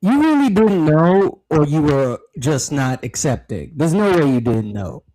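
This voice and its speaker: A man's voice: a little high, very animated, a little slow, warm tone, dry recording, rough recording. A man hosting a casual talk show, cutting in with incredulous clarifying questions. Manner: incredulous, interrupts to clarify and challenge. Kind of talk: casual podcast chat.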